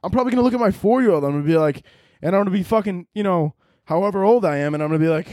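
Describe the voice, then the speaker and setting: A man's voice: high voice, very fast, no room sound, studio quality. A young man hosting a casual podcast, ranting in a profane, rambling way and acting out imagined conversations. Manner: profane, animated, rambling, acts out imagined dialogue. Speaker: podcast host. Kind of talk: casual comedic podcast rant.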